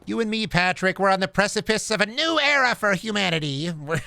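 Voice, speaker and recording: SpongeBob, squeaky and giggling. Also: male voice, expressive, fairly quick, vocal fry, bright, forceful tone, faint music behind, full character voice. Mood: giggly, grandiose. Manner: giggly, breathless, dramatic. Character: excitable squeaky male cartoon sea sponge. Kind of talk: comic impression on a game stream.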